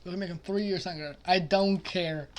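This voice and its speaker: A man commenting casually on a basketball simulation, muttering quietly at times and then breaking into loud, excited outbursts. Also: high-pitched, moderate pace. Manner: excitable, swings from mumbled asides to loud outbursts. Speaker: simulation gaming streamer.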